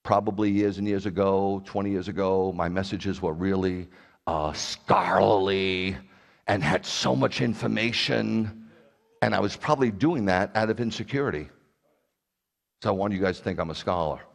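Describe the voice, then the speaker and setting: A man's voice: deep voice, normal speed, vocal fry, long reverb tail. A middle-aged man preaching a sermon as a rabbi, talking animatedly and putting direct questions to his congregation. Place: congregation hall.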